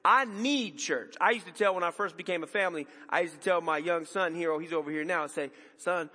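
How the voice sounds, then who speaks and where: A man preaching a sermon as pastor, emphatic and conversational with dramatic pauses, in a church sanctuary. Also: sits high, pushed and bright, in a large hall.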